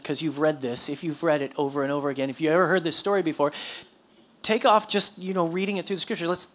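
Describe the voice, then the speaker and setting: A woman preaching a sermon, telling a scripture story in a lively, animated way with questions to the congregation. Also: fairly low pitch. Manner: animated storytelling with audience prompts and laughter.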